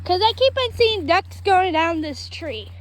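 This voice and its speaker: A woman's voice: extremely high pitch, lively intonation, a little slow, low-quality recording. A woman chatting casually to her viewers while walking around a backyard outdoors, filming herself on a phone. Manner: chatty, talks to viewers as guys. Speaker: vlogger. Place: outdoors in a backyard with trees and chickens. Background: faint wind noise.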